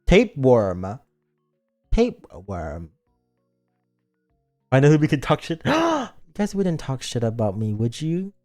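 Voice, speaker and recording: A man chatting on a game stream in a silly, joking and rambling way. His pitch swings widely, and faint music plays behind him. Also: huge pitch swings, takes it slowly, long pauses, warm tone. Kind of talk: casual game stream chat.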